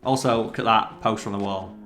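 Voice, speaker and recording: A man hosting a let's play, chatting excitedly over gameplay, swearing freely and quizzing his co-player. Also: fairly low pitch, quick pace, slight background noise. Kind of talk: casual gameplay commentary.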